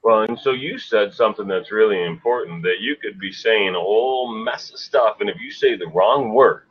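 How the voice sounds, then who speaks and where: Co-hosting a sales talk show, a man chats casually but emphatically, often tossing in a rhetorical "right?" His voice is on the low side, very animated and slightly rough, at a moderate pace. The recording sounds dull and lo-fi.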